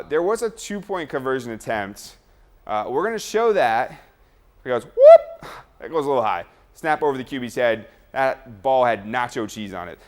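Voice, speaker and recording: Anchoring a sports show, a man reads high school football highlights, giving energetic play-by-play and tossing in joking asides.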